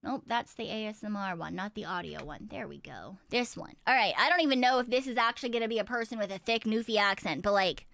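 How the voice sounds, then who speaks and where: A woman's voice: mid-range voice, fast talker, creaky, hardly any pauses, fairly bright tone. A woman from eastern Canada streaming and chatting casually with viewers. She laughs easily and swears freely. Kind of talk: casual livestream chat.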